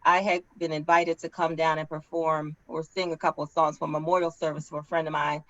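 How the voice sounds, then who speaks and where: A woman's voice: sits low, level tone, a bit bright. This woman speaks in an earnest, storytelling way, restarting her sentences as she goes. The sound is dull and muffled, from a dry video call with no room echo. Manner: earnest storytelling, halting starts. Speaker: singer and co-host. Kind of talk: casual panel chat.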